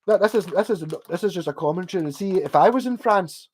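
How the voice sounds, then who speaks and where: A man from Scotland with a softened Glaswegian accent, chatting casually on a livestream and answering viewer comments. He rambles, restarts his sentences, swears freely and laughs between thoughts. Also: high voice, animated, quick pace, a little hiss or hum. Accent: Glaswegian Scottish, softened.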